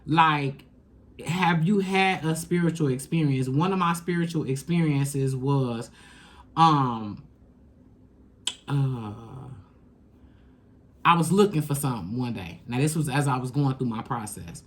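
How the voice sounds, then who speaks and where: A woman giving a casual tarot reading, talking straight to the viewer in emphatic, slangy, profane bursts that jump from loud and high to low and quiet. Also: a little slow, long pauses. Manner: emphatic, slangy and profane, coaching the listener directly. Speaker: tarot reader.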